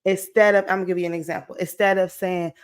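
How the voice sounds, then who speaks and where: A woman about to turn forty, giving an energetic, encouraging motivational talk to her viewers, checking in often with "okay?" and "right?". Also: lowish voice, fast talker, smooth. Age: late 30s. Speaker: motivational vlogger. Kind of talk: casual motivational talk to camera.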